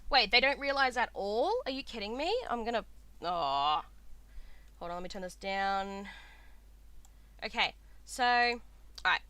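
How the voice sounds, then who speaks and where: A woman with an Australian accent, chatting and reacting excitedly while playing a game, swearing freely. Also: medium pitch, measured pace, pauses often, no echo. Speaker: gaming streamer. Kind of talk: casual let's-play commentary. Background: game music.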